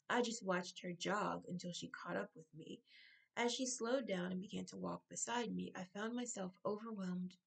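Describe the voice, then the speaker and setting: A woman author reading her own novel aloud, now and then breaking off to correct herself or make a quick aside. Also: mid-range voice, creaky, slightly rough, rough recording.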